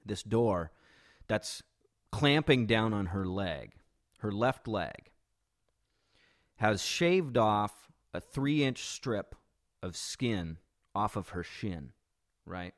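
A man's voice: lowish voice, expressive, extremely slow, long pauses. A man recounting a shocking street incident in a casual, conversational way, often restarting and adding "right?" asides. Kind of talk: personal storytelling.

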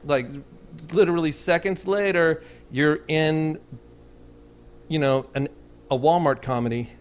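A man's voice: a little high, measured pace, clean tone. A man talking casually in an interview as a touring band musician, rambling and self-deprecating, with many restarts.

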